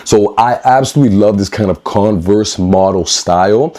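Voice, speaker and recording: Upbeat low-voiced man reviewing sneakers. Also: normal speed, warm tone. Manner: upbeat, chatty, repeats words and addresses viewers as guys. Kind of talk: casual unboxing review. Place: indoor room with newly painted walls.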